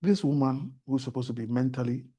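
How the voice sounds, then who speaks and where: A Ghanaian man appears as a talk-show guest and turns his stories into earnest preaching about faith. His mellow, soft voice carries a slight husk, sits at medium pitch, and runs a little fast.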